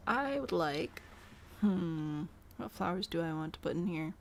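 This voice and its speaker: A woman's voice: lowish voice, animated, a little slow, creaky, a little hiss or hum. A woman live-streaming a building game, chatty and self-amused as she talks to her chat while she builds. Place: home room.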